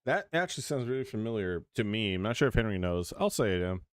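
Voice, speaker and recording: A man's voice: lowish voice, very animated, quick pace, dry recording, studio quality. A young man streaming a game, chatting loosely and joking in a rambling way. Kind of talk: casual gameplay commentary. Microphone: desk mic with compressor.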